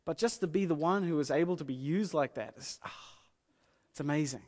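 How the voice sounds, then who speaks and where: Animated male preacher in a reverberant hall. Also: on the high side, a little fast. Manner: animated, conversational, acts out quoted lines. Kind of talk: casual sermon storytelling. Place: church hall with screen.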